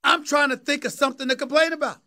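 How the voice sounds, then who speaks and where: A man in his fifties with a strong New York accent talks sports, his voice pitched unusually high with a tense, forceful edge. He preaches rather than chats, raising his voice to a shout and repeating lines for emphasis. It is a fiery sports talk monologue. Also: fairly even intonation, fast. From New York, USA. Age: 50s. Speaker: sports talk show host.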